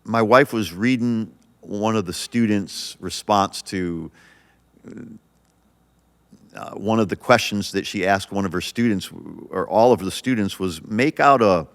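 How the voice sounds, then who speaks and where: A man's voice: on the low side, a bit bright, in a large hall. A male pastor hosting a podcast, talking earnestly and encouragingly, often restarting his sentences. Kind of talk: podcast sermon.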